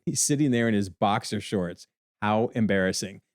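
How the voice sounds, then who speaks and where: A man giving an animated TV episode breakdown, exclaiming often as he comments. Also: fairly low pitch, normal speed, no room sound, clean studio sound. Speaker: video commentator.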